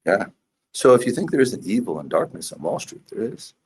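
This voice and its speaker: A man's voice: on the low side, very animated, a little fast, a little hiss or hum. A man, a priest and investor, telling his story intensely as a guest in a podcast interview.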